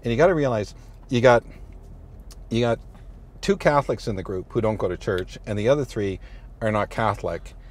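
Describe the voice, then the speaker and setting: A man's voice: on the low side, a little fast, long pauses. A middle-aged man, a priest, telling stories in a rambling, good-humored way with many restarts, recorded in a moving car. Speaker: priest, interview guest. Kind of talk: casual storytelling chat. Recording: road noise in a moving car.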